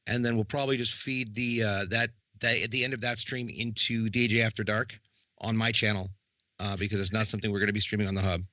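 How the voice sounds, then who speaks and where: A man's voice: fairly low pitch, steady tone, quick pace, bright, forceful tone, no echo. A man co-hosting a casual podcast, joking and rambling with restarts as he talks over plans for streams.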